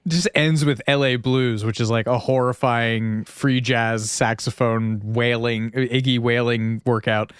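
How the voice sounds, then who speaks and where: A man's voice: medium pitch, fairly even intonation, measured pace, few pauses, clean tone, no echo, clean studio sound. A man co-hosting a podcast in casual chat, talkative, laughing often and slipping into playful voices. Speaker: podcast co-host.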